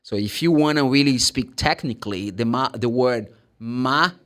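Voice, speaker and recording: A man with a Brazilian Portuguese accent teaching English pronunciation, explaining and demonstrating sounds in an animated way. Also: medium pitch, normal speed. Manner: animated, demonstrates sounds and acts out students' questions. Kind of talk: pronunciation lesson.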